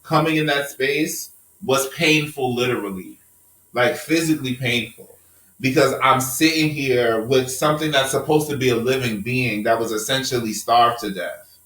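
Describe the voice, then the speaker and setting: A man's voice: mid-range voice, moderate pace, a bit bright, roomy sound, distant mic, low-quality recording. Impassioned profane male podcast host. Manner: impassioned, profane, preachy rants. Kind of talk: passionate casual podcast discussion.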